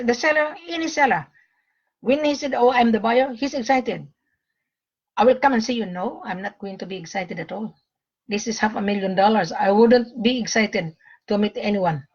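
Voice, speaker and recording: Woman, husky voice, blunt and lecturing, casual live stream, dull lo-fi sound. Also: fairly high pitch. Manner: blunt, lecturing, with frequent "mm-hmm". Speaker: gold seller hosting her own page.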